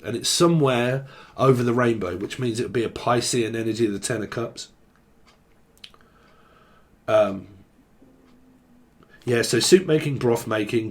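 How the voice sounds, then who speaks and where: A tarot reader gives a rambling solo reading to camera, free-associating from word to word. He's loose and jokey, swears casually, and speaks at an ordinary middle pitch for a man.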